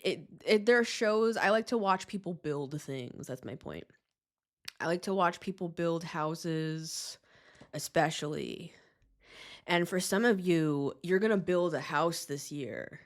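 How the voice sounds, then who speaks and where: A woman hosts a casual tarot reading to camera and lets her sentences stretch out slowly. Her voice sits on the low side, and she sounds chatty, excitable and slangy, laughing often. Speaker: tarot reader and show host.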